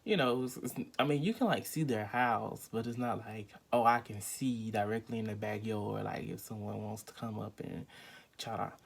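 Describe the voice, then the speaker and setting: A man's voice: lowish voice, normal speed, vocal fry, slightly rough. A young man telling a rambling, emphatic storytime vlog at home, full of fillers and acted-out quotes. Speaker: vlogger.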